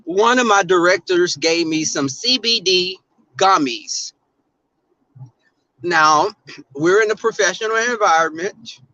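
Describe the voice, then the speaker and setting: A man's voice: high voice, takes it slowly, long pauses, bright, forceful tone, no room sound. A man with a Southern drawl ranting in a brash, profane, sassy livestream commentary. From Southern US, Texas. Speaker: livestream host. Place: outdoors in the cold. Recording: dull, dry sound.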